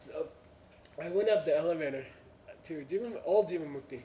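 A storyteller's slightly high, mellow voice moves fairly quickly as he tells an audience an anecdote in non-native English, peppered with "you know" and "uh" and chuckles at the punchlines. The recording is roomy and distant, with a little hiss or hum.

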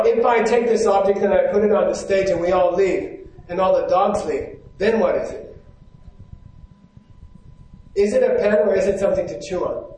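Brief: male Buddhist teacher, higher-pitched voice, keeps quizzing the room, heavy hall echo. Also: darkish tone, distant mic. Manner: keeps checking in with the audience, asking questions. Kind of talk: live teaching talk to an audience. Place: hall with a stage. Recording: very echoey hall.

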